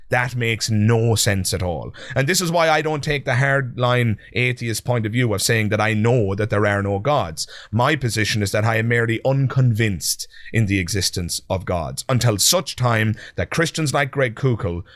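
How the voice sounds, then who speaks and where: A man hosting a podcast, giving sarcastic and animated commentary on audio clips and speaking to the listener. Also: fairly low pitch, no room sound, clean studio sound. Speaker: podcast host.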